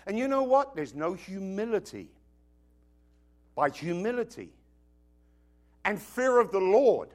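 A British man delivers a sermon in a high-pitched voice that swoops through a wide, lively range. He is emphatic, mixing jokes into his preaching, and keeps checking in with the congregation. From Britain. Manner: emphatic, joking, asks the congregation questions. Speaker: pastor.

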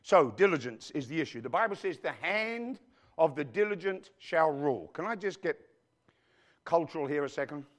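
A man's voice: fairly high pitch, lively intonation, moderate pace. A male pastor preaching a sermon in a church, who keeps calling out to the congregation with questions as he goes. He grew up outside the United States. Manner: preachy call-and-response with the congregation.

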